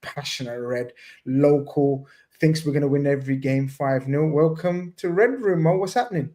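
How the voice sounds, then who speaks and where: A man hosting a casual fan panel over a video call, playful and excitable with jokey banter. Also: a little high, moderate pace. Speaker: podcast host.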